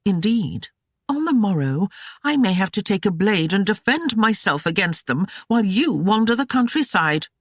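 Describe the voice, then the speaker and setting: A sharp-tongued noblewoman in a historical romance audiobook, all rasping temper and snarling complaint, as the reader puts her on. The voice climbs well above the reader's own and pushes hard. It is recorded close and dry. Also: medium pitch, big pitch swings, normal speed, no echo, voice pushed up. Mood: scornful complaint. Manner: snarling, railing, scolding. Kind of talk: audiobook character voice.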